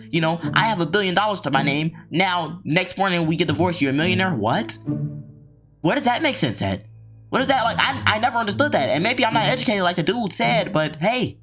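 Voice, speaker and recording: A man's voice: high voice, fairly bright tone. A man hosting a reaction video, ranting in slangy, riled-up commentary and mocking people in put-on voices.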